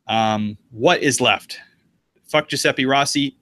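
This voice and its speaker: Rambling man with a bright, tense voice. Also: mid-range voice, slow pace, dry recording. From United States. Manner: rambling, loose, full of fillers. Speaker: podcast co-host. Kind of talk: casual sports chat.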